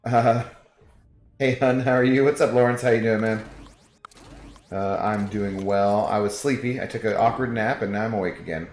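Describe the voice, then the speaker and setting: A man's voice: fairly low pitch, normal speed, a little mellow, echoey room. A man streaming a video game, chatting casually and jokingly with viewers and reading their messages aloud.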